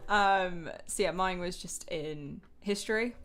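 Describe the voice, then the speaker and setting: A woman's voice: on the low side, slow, a bit bright. A young woman co-hosting a casual podcast, friendly and giggly, explaining things in a chatty way. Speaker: co-host.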